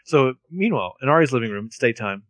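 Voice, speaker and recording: A man's voice: mid-range voice, lively intonation, quick pace, no echo. A man co-hosting a podcast, retelling a TV episode with wry, sarcastic asides. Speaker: podcast co-host. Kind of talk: casual TV recap chat.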